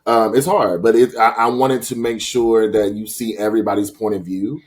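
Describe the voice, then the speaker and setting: A young adult man being interviewed about his books, talking in an animated, rambling way with quick restarts. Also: fairly low pitch. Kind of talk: casual interview chat.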